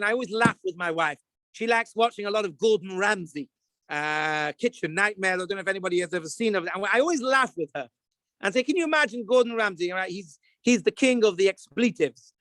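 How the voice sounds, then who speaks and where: A man, a rabbi, talking casually about kosher supervision, acting out little scenes and now and then bursting into shouts. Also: sits high, dry recording. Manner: animated storyteller, acts out scenes, jumps to shouts. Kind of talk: casual talk to camera.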